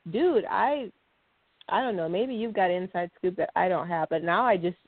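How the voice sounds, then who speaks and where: Speaking at a normal speed in a lowish voice, this podcast co-host rambles through a casual chat and laughs a lot. Her audio is dry with no room sound, much like a phone.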